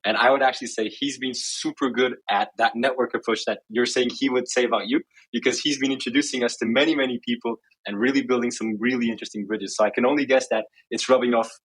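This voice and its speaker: A man with a Dutch accent hosting an interview podcast, chatty and quick to laugh. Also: mid-range voice, fairly even intonation, a bit bright, breathy edge, dry recording, low-quality recording. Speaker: podcast host. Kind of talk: casual interview.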